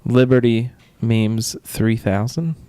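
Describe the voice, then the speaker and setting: A man's voice: medium pitch, takes it slowly, mellow, clean tone, no room sound. A young man co-hosting a podcast, chatting casually and teasing with playful exaggeration. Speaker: podcast co-host. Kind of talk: casual chat.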